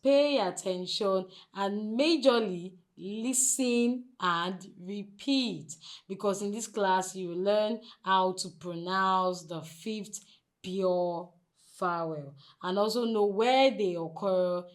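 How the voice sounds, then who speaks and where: A woman with a Nigerian English accent teaching a phonics lesson, drilling sounds slowly and asking the class to repeat after her. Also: mid-range voice. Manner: slow, deliberate drilling, stretching model sounds loudly.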